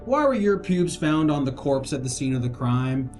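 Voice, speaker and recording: A man's voice: mid-range voice, very animated, normal speed, a little mellow, faint music behind, lightly acted. A man doing a laid-back bro detective. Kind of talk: improv comedy scene.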